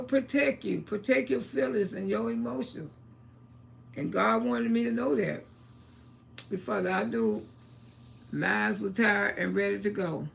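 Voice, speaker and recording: A woman tells family stories on a casual livestream. Her voice is high, bright and heavily gravelly. She talks bluntly, with a salty tongue and frequent talk of God. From Florida, USA. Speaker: livestream host.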